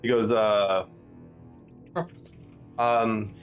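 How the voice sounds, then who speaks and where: A man's voice: fairly low pitch, level tone, drawn-out words, soft background music. A man running a tabletop game as game master, talking loosely with many fillers and restarts. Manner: rambling, full of fillers and restarts.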